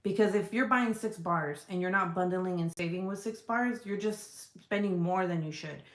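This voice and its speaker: A woman's voice: lowish voice, normal speed. A woman chatting casually to her viewers about products she sells, swearing freely, rambling and laughing as she goes. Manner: profane, rambling and laughing, talks straight to viewers. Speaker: online seller of home fragrance products. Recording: roomy echoey room sound.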